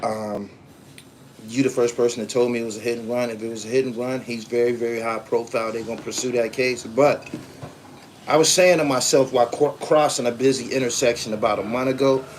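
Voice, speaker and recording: A man's voice: mid-range voice, fairly even intonation, a little fast, slight background noise. A man in his forties from the East Coast, hosting a podcast in a loose, profane storytelling style as he reads viewer comments and acts out the voices in his stories. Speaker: podcast host. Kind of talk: casual livestream chat reading comments.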